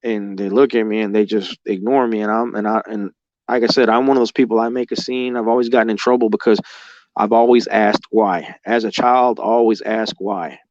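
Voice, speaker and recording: This guest is a man with a lowish, slightly mellow voice and mostly even pitch, talking briskly. He tells his own story casually, rambling and emotional, cursing a lot and leaning on "like." The audio is dull, with no room sound.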